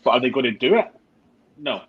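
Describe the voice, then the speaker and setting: A man's voice: mid-range voice, expressive, fairly quick, breathy edge, narrow, tinny audio. A man guest in a casual group chat, easygoing and agreeable, saying "you know" often.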